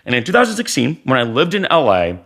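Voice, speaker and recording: A man's voice: mid-range voice, wildly swooping pitch, quick pace, a bit bright. A man in his thirties talking to camera in a casual, earnest way, giving life advice and repeating phrases for emphasis. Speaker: vlogger.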